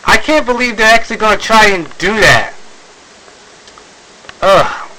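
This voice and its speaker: A man's voice: high voice, a little slow, bright, forceful tone, a little hiss or hum, poor audio. A man ranting in a video commentary, exasperated, sighing, with many fillers and restarts. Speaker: video blogger.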